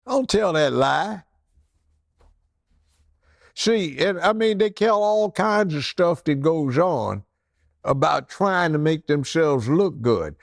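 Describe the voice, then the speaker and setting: An older man, a former judge, telling courtroom stories in an animated way and acting out the people in them. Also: a little high, takes it slowly, creaky, pauses often, no room sound, clean studio sound. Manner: animated, acts out characters in his stories. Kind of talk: storytelling anecdote.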